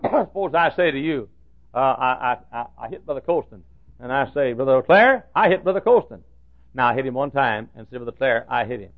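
A man preaching a sermon in a folksy, animated way, jumping from loud high outbursts to hushed asides. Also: brisk. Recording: dull lo-fi recording.

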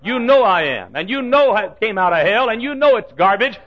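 A man, his pitch high for a man, thunders through a fundamentalist sermon. His voice leaps all over, hushed one moment and shouting the next. The recording is dull and lo-fi, like an old tape. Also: sing-song, normal speed. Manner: shouting, dramatic swings from hushed to yelled. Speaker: preacher.

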